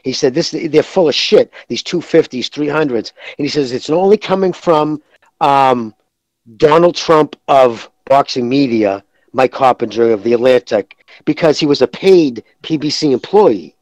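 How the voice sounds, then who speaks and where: A man's voice: medium pitch, animated, normal speed, darkish tone, no echo, rough recording. A man calling in to a show, talking in a heated, profane, rambling way. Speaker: caller. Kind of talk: casual call-in chat.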